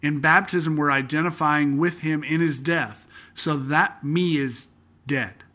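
A young man with a bright, forceful voice set a little high, hosting a casual Bible-study podcast. He talks earnestly and conversationally, then slows down to read scripture aloud. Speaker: podcast host teaching through a Bible book.

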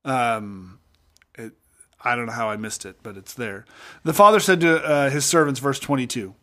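A man co-hosting a podcast, talking through a Bible passage and acting out its characters with lively voices. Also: medium pitch, moderate pace. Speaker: podcast co-host. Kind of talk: Bible study podcast chat.

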